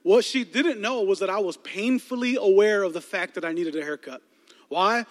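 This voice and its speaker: A young man from the Chicago area tells a story from his own life to a crowd of young listeners. His voice sits high and turns lively, he acts out the other people in the story, and he often stumbles and repeats words. A long hall reverb trails behind each phrase. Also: moderate pace. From Chicago area, United States. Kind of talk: storytelling sermon to a live youth audience.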